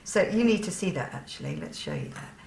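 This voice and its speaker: A woman's voice: low-pitched, huge pitch swings, a little fast, a little mellow. Woman, sewing tutorial, chatty, self-deprecating, echoey room, faint hum.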